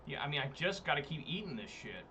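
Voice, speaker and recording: A man's voice: a little high, big pitch swings, quick pace, pushed and bright, a little hiss or hum. A man streaming a card game, giving casual, exasperated commentary, swearing and talking to his chat. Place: home room, hot day.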